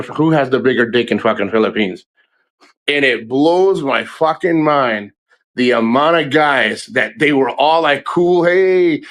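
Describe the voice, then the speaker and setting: Blunt, profane man ranting on a livestream. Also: a little high. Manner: animated storyteller who acts out quotes. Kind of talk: casual livestream rant.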